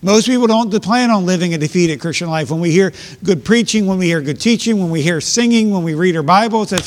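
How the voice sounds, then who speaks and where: A man's voice: high voice, expressive, a little fast. Earnest man preaching in a reverberant hall. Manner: earnest, builds to raised emphatic peaks. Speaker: pastor. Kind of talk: sermon.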